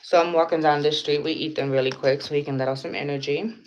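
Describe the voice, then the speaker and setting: Low-voiced woman telling a story, blunt and profane. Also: steady tone, fast talker. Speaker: vlogger. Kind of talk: casual storytelling livestream. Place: indoors at home. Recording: slightly dull lo-fi sound with faint noise.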